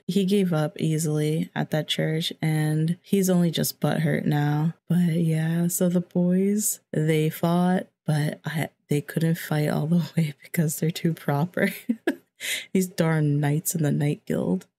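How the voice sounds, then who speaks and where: A woman's voice: fairly low pitch, gravelly, warm tone. A woman hosting a let's play, chatting casually over her game, exclaiming and joking, and reading out what the characters say in her own voice. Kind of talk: casual gameplay commentary.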